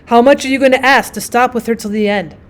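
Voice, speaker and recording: A woman's voice: a little high, steady tone, fast, close to an everyday voice. A woman voicing a stingy, hesitant peasant man in a storybook reading, stammering and wheedling.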